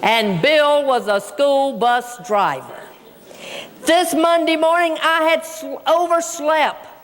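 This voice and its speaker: A woman tells a funny true story to a big audience and keeps calling them folks. Her voice sits high. It echoes with a long reverb through a large auditorium. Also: takes it slowly. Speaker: keynote speaker. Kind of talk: humorous storytelling speech.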